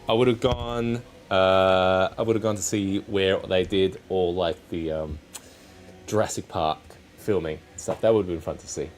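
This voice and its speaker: A man's voice: low voice, fairly even intonation, normal speed. A man hosting a casual live stream while crafting, chatting in a rambling, self-correcting way. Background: faint background music.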